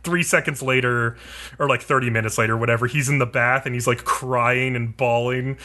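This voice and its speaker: Bright-sounding guy cohosting a podcast, rambly casual recap, tons of likes and swearing. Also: medium pitch, fairly even intonation, normal speed. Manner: rambling, filler-heavy, profane, laughs often. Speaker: podcast co-host. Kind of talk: casual anime recap chat.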